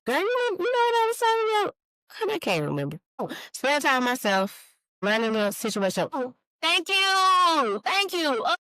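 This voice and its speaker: A woman's voice: on the low side, no echo, rough recording. A woman in her late thirties hosting a podcast alone, chatting casually, losing her train of thought and stopping to greet viewers by name. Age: 30s. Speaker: podcast host. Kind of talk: casual solo live-stream chat.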